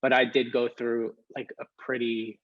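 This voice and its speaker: A man in his twenties, a podcast guest, talking in a soft, hesitant, casual way with many fillers. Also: medium pitch, little pitch movement, moderate pace, lo-fi sound. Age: 20s. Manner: soft-spoken, hesitant, lots of "like". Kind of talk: casual interview.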